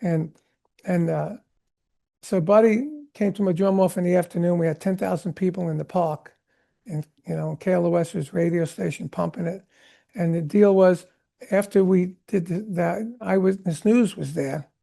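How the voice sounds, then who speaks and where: Older male guest storyteller, gravelly and dark, lively rambling anecdotes. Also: high voice, normal speed. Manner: animated rambling anecdotes, acts out quotes. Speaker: guest drummer. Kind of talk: storytelling interview chat.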